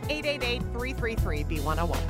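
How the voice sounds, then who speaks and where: A woman's voice: fairly high pitch, sing-song, a little fast, loud music behind the voice. A woman co-hosting a morning radio show, chatting with callers in a friendly, upbeat way. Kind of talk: casual radio banter.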